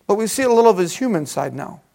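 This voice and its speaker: A man preaching a sermon, animated and talking directly with his congregation. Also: high voice, fast talker, vocal fry. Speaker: pastor.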